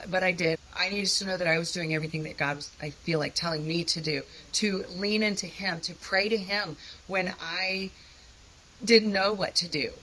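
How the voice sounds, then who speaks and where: A woman's voice: on the low side, pushed and bright, slight background noise, rough recording. A woman telling her own story of a hard time in an earnest, conversational, self-deprecating way. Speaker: guest sharing a personal testimony. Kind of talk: candid personal storytelling.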